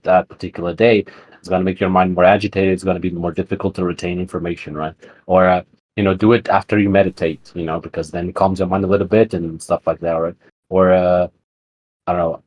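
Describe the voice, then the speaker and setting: A man with a lowish voice chats casually as a podcast co-host. He wanders through his points with plenty of fillers and false starts. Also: darkish tone. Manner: rambling, full of fillers and restarts. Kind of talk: casual chat.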